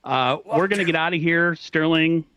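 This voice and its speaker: A man hosting a casual podcast chat, talking haltingly and restarting his sentences. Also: a little high, pushed and bright, smooth, dry recording. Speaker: podcast host. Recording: dull, muffled audio.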